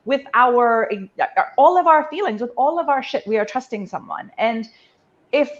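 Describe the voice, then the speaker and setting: A woman's voice: high-pitched, lively intonation, moderate pace. Earnest woman, swears to make a point, dull lo-fi sound. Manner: earnest, emphatic, swears for emphasis. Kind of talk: casual conversation. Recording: dull lo-fi audio.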